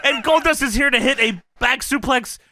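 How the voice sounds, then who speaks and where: A man's voice: very high-pitched, normal speed, no room sound, studio quality. A man co-hosting a podcast, retelling a wrestling show in casual chat, swearing and laughing a lot. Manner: profane, laughs often, animated retelling. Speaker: podcast co-host.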